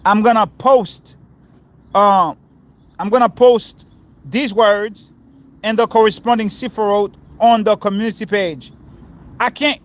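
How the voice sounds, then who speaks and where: A man giving a casual outdoor scripture lesson while sitting on the grass. He talks informally, quizzes his listeners and explains each term. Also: high-pitched. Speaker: spiritual teacher.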